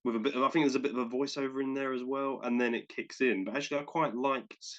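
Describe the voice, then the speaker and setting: A man co-hosting a podcast in casual chat, enthusiastic and quick to act out little asides. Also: medium pitch, steady tone, muffled recording. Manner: enthusiastic, talks in bursts with quick acted-out asides. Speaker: podcast co-host.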